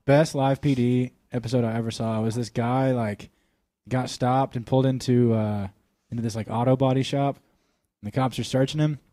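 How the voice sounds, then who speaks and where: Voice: medium pitch, fairly even intonation, moderate pace, warm tone. A podcast co-host rambling through a funny story in casual chat, acting out the quotes. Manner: rambling, acts out quotes with laughter.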